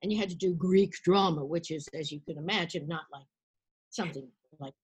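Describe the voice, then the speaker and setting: Husky older actress telling stories. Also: female voice, on the low side, a little fast. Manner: lively storyteller, acts out quotes. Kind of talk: storytelling interview.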